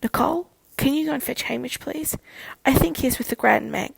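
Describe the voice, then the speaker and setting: Woman reading sassy young werewolf woman, blunt, exasperated, gravelly, dry sound. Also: high voice, a little fast, no room sound, pitched above the performer's own voice, full character voice. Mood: dismissive.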